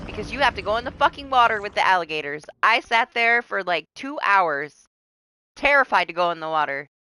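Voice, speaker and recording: A woman's voice: medium pitch, big pitch swings, fairly quick, bright, forceful tone, smooth, dry recording. A woman chatting casually on a live game stream, swearing often and laughing. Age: adult.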